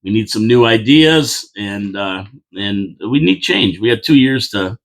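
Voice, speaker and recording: A man's voice: fairly low pitch, expressive, measured pace, gravelly. Rambling chatty male commentator. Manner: rambling, chatty, repeats phrases, mock-indignant asides. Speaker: local political commentator and show host. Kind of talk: casual talk-show commentary reading viewer comments.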